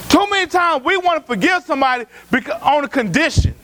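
A man preaches with a strikingly high voice. He swings from loud shouts down to quiet hushed lines. A faint hum runs under the recording. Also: expressive, fairly quick, few pauses, rough recording. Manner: preaching with rising shouts and sudden drops to a hush. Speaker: pastor. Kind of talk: sermon.

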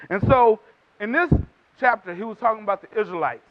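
A man's voice: high voice, animated, fairly quick. A man preaching a sermon emphatically, acting out quotes in voices, in a dull lo-fi recording.

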